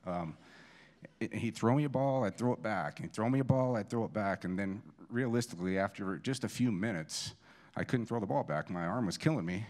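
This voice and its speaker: His voice sits on the low side, darkish and expressive, and he talks a little fast. The man, in his forties, is delivering a storytelling eulogy in a church, full of self-deprecating humor about a friend's son and many restarts.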